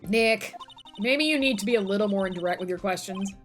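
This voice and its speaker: A woman's voice: medium pitch, brisk, fairly bright tone, soft background music, pitched below the performer's own voice, close to an everyday voice. A woman voicing a cheeky, upbeat young woman sidekick in a chirpy, teasing way. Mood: thoughtful.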